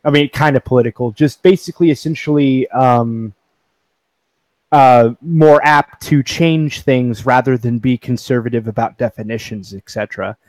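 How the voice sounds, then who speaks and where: A man's voice: medium pitch, steady tone, moderate pace, darkish tone, no room sound. A man in a casual group chat who hedges, trails off and restarts his sentences.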